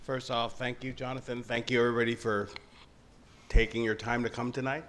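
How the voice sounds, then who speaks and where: A man's voice: medium pitch, little pitch movement, fairly quick, a bit bright. A man from Thailand in his late fifties, speaking as a panelist with jovial, joking, emphatic remarks. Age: late 50s.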